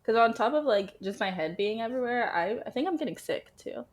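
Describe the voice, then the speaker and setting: A woman in her twenties co-hosts a podcast over a remote call, her voice on the high side, animated and brisk. She chats candidly in a casual, rambling way and swears freely.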